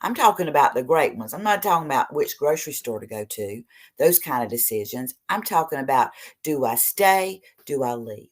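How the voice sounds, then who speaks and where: A woman giving an earnest, preachy motivational talk about recovery, reading short passages and then expanding on them, with sudden drops to a soft voice. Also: very deep voice, animated, moderate pace. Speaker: recovery speaker.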